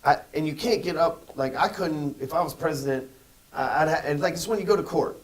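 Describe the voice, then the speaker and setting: A man co-hosting a podcast in casual, profane chat, animated and acting out voices. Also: a little high, fairly quick, low-quality recording. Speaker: podcast co-host.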